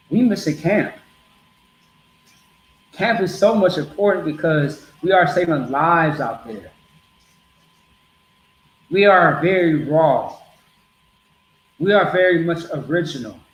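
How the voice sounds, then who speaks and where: A man's voice: a little high, animated, slow, pauses often, roomy sound, rough recording. A man preaching bluntly to a group in a streetwise, repetitive way.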